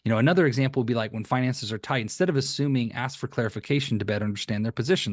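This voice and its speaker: A man's voice: mid-range voice, rapid-fire, few pauses, dry recording, studio quality. A man coaching on sales calls in a loose, conversational way, often restarting words and acting out sample lines. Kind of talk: conversational teaching with screen share.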